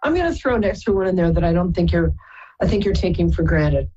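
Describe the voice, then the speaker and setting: A woman's voice: on the low side, expressive, fast, dark tone, slightly rough, dull audio. A woman from Brooklyn, hosting a live call-in psychic reading and calling callers darling and sweetheart. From Brooklyn, New York. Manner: affectionate, chatty, calls people darling and sweetheart. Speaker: psychic radio host.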